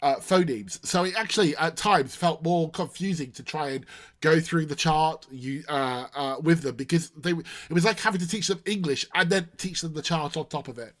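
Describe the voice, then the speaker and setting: A man's voice: on the high side, moderate pace, a bit bright. A man hosting a casual teaching podcast, playful and self-mocking, often stumbling and restarting. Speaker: podcast host, English teacher. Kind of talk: casual discussion.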